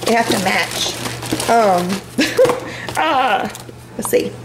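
A woman chatting casually through a home vlog, rambling with quick asides. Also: on the high side, animated. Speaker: home vlogger. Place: home kitchen. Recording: noisy home kitchen recording.

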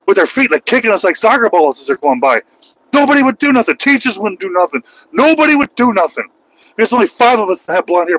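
A truck driver and channel host in his forties, raised in Los Angeles, USA, gives a casual, unscripted vlog monologue. His voice is pitched higher than most men's, with a fairly bright tone, and he speaks with heated emphasis, circling back to repeat his key lines. The recording quality is low.

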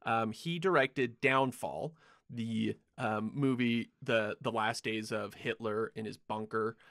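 A man's voice: on the low side, fairly even intonation, takes it slowly, fairly bright tone, no echo, clean studio sound. A man hosting a casual film podcast, talking loosely with lots of laughter and filler words. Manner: laughs often, loose and joking, many fillers. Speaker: podcast host.

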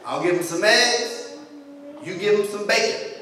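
A man's voice: high-pitched, expressive, measured pace, noisy background. A man voicing an eager, pushy talking chicken in a joke told from the pulpit, recorded far off in an echoey hall. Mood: chirpy.

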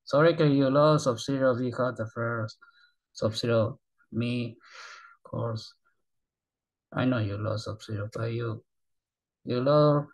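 Halting man in his thirties. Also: medium pitch, low-quality recording. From Japan. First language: Japanese. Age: 30s. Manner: halting broken English, often trailing off softly. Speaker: reaction video host. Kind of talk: rambling casual monologue.

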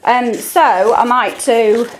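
An Australian woman tutor explaining how to teach spelling, reading rhymes aloud slowly and deliberately. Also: on the high side, steady tone. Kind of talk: teaching demonstration.

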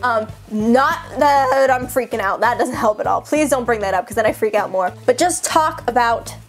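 Chatty young female vlogger, bright higher voice, soft music bed. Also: moderate pace. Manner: chatty, self-mocking, lots of "like". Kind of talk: casual talk to camera.

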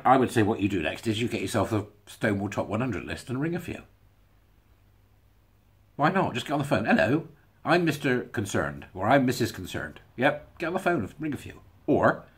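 Male vlogger, husky voice, animated pitch, wry and chuckling, casual solo commentary. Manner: sarcastic, chuckling asides. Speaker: video blogger.

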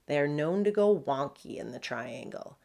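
A woman voicing a gruff old male sea dog telling an ominous tale in a storybook. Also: low voice, lively intonation, moderate pace, darkish tone.

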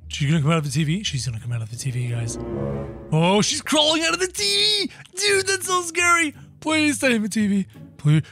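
Guy doing a high-pitched jumpy cartoon rabbit, voice bounces all over, keeps yelping at the game. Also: fast, faint music behind. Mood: scared. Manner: excitable, yelps and shouts when startled, chatters to viewers. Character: jumpy, excitable male cartoon rabbit gamer. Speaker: video game player. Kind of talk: let's-play commentary in character.

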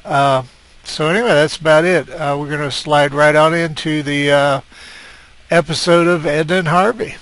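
A man's voice: a little high, fairly even intonation, moderate pace, a bit bright. A man giving casual, rambling commentary on a game he is playing at his computer, hesitating often with "uh" fillers. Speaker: let's play gamer.

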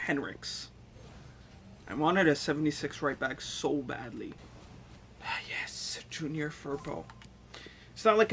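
A man's voice: a little high, creaky, slight background noise. A young man giving frustrated gameplay commentary, swearing, ranting and mocking himself sarcastically. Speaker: gaming YouTuber.

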